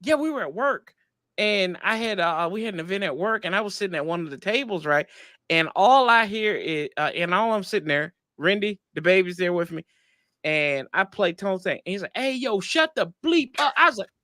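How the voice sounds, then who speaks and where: A man co-hosting a casual sports podcast, rambling through animated stories about his baby son. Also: high-pitched, brisk, no echo, clean studio sound. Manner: rambling storyteller, animated retellings. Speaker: podcast co-host. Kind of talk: casual chat.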